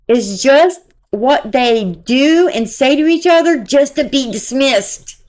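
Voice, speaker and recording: Slow-talking woman doing amused commentary. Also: sits high, animated, a little mellow. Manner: laughs often, amused and chatty. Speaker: commentary channel host. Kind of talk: casual true-crime commentary, reading messages aloud.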